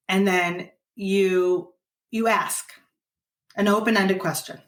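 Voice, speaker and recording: A woman with a mid-range voice speaks slowly and fairly evenly while coaching parents on a podcast. Earnest in her explanations, she acts out what a parent and child might say. It's a roomy recording made at some distance from the mic.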